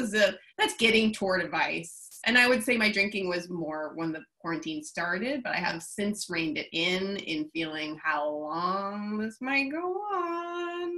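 A woman hosting a casual video call, speaking in a relaxed, candid and wry way. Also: medium pitch. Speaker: director, host of the call.

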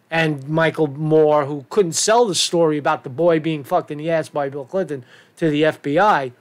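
Give me a sarcastic, foul-mouthed man riffing casually as a channel host, slightly high-pitched. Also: moderate pace. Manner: sarcastic, profane, rambling. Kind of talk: casual commentary video.

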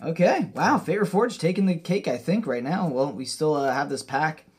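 A young man hosting a casual card-opening video, talking straight to his viewers and getting excitable over what he pulls. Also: a little high, normal speed, slightly rough. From Canada. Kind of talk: casual pack-opening commentary.

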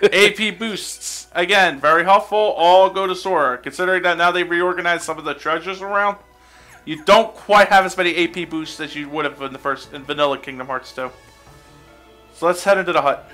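A man's voice: sits high, moderate pace, sharp tone, soft background music. A man giving casual, knowledgeable let's play commentary over a game, swearing now and then.

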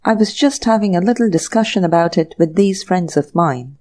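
Woman voicing a nonchalant young gentleman in an audiobook, casual and mellow. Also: on the low side, animated, a little fast, natural voice.

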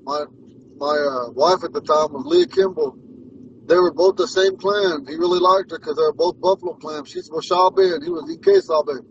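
Very animated and creaky, this fortysomething man speaks at a moderate pace in a fairly high voice. He's a language teacher spinning rambling stories in a relaxed lesson, often repeating and restarting. He's recorded far off the mic, so it sounds muffled, with slight background noise.

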